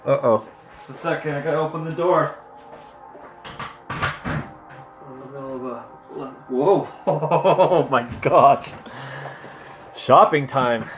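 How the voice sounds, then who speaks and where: A language learner chatting casually while doing app lessons, repeating French phrases aloud and thinking out loud. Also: medium pitch, slow, pauses often, over music. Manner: chatty and self-questioning.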